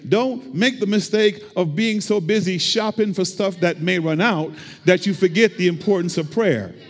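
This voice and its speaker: A man's voice: sits high, normal speed. A male pastor preaching a sermon, with rhythmic repetition and call-and-response to the congregation. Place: church sanctuary. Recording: long hall reverb.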